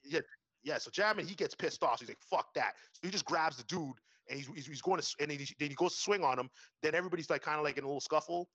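Rambling, profane young man, quick talker. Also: a little high, a bit bright, slightly rough, no echo, lo-fi sound. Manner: rambling, profane, full of "like" and restarts. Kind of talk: casual chat, storytelling.

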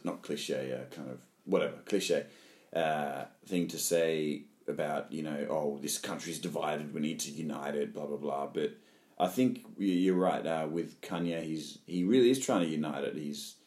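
A man's voice: very deep voice, measured pace, a little mellow. A man chatting casually, hesitant and rambling with many fillers. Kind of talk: casual conversation. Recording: echoey room.

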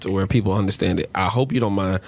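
A man's voice: low-pitched, fast talker, vocal fry, a little hiss or hum. A man in casual podcast talk, reading a children's story aloud between blunt, profane asides.

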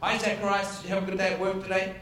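A man's voice: high voice, flat delivery, racing, a bit bright, slight background noise. A man voicing Elizabeth, a mild, curious elderly wife, in a light chatty way, heard from afar in an echoing hall with an audience. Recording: echoey hall, distant mic, audience.

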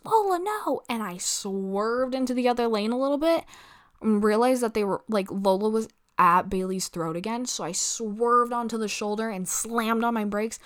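Rambling young woman full of "like". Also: medium pitch. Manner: rambling, peppered with "like" and swearing, acts out quoted people. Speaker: vlogger. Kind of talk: casual storytime chat.

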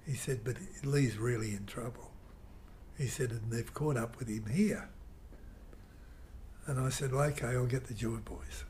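An older man telling a rambling, animated story in an interview. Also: medium pitch, a little slow, slight background noise. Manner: rambling, animated storyteller who mimics guitar sounds. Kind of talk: reminiscing anecdote.

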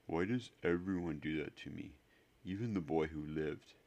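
A man's voice: sits low, steady tone, moderate pace, darkish tone. A man voicing a timid, frightened young boy who speaks in a thin, wavering, small voice.

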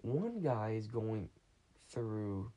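A man's voice: lowish voice, very animated, very slow, dark tone, a little hiss or hum. A man hosting a casual podcast, retelling a story in a rambling way with many restarts, recorded on a phone. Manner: meandering, full of restarts and acted quotes. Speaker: podcast host.

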